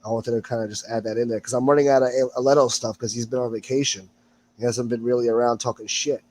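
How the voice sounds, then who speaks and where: A man's voice: medium pitch, steady tone, fast talker, a little mellow. A man chatting as a guest about his videos, easygoing and profane. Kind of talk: casual chat.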